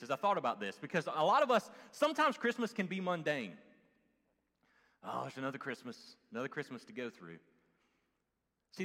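Animated Southern preacher man, big reverb. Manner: animated preaching, swinging between loud exclamations and hushed low asides. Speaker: pastor. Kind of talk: sermon.

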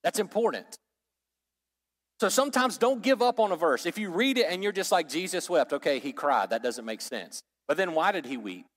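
A man preaches a teaching sermon to his congregation, talking casually and tossing questions to the room. His voice sits a bit high for a man. The sound rings with a long hall reverb. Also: animated, normal speed. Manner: conversational, asks the audience questions, jokes. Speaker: pastor or Bible teacher.

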